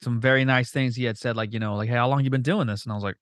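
Fast-talking profane podcast host, a man. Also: mid-range voice, no room sound. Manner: profane, animated, quick storytelling with voiced quotes. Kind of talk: casual chat.

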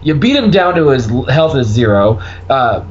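A man chatting casually as a podcast co-host, telling a story in an animated, profane way. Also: mid-range voice, moderate pace. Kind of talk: casual chat. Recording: dull lo-fi recording, faint noise.

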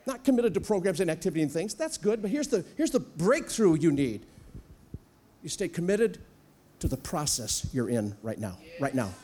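A man preaching a sermon as a guest speaker in a church, animated and humorous, acting out little voices as he goes. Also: fairly high pitch, moderate pace, slight background noise. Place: church sanctuary.

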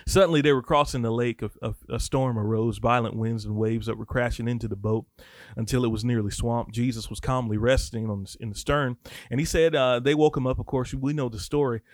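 A man teaching the Bible on a podcast in sermon style, reading scripture and breaking off into lively, casual asides. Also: medium pitch, brisk, dry recording, clean studio sound.

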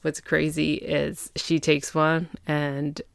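A woman's voice: deep voice, monotone, slow pace, vocal fry, clean tone, no room sound, studio quality. A woman hosting a podcast who recaps a TV episode in casual chat. She is full of fillers and acts out the characters' lines as she goes. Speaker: podcast host.

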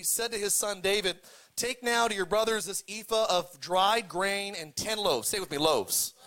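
With a high, bright, forceful voice, a male pastor preaches a sermon, cracking jokes and casually retelling scripture. He leads the congregation in call-and-response, having them repeat words back.

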